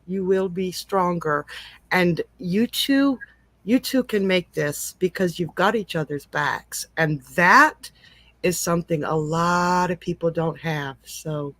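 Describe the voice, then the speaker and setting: Soft-spoken psychic lady, takes her time, dry close sound, reassuring and emotional. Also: lowish voice, takes it slowly, no echo. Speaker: psychic reader. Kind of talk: live online reading, casual chat.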